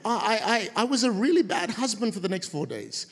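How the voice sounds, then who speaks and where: Animated man preaching in a reverberant hall. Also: fairly quick, slightly rough. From of Indian heritage. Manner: animated, acts out quoted voices in a high shout. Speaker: guest preacher. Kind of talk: humorous sermon with storytelling. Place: church auditorium.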